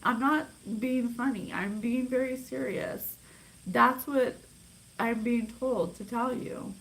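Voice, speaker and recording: A woman's voice: a little high, steady tone, slow, creaky, fairly bright tone, rough recording. Worked-up woman giving a psychic reading. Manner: intense, emphatic, worked up. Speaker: psychic reader. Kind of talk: channeled reading monologue.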